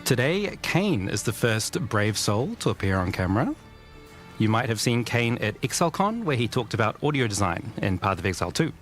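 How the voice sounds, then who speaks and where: A man's voice: on the low side, sing-song, normal speed, faint music behind. A man presenting a studio interview video in a friendly manner. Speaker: interviewer, trailer maker.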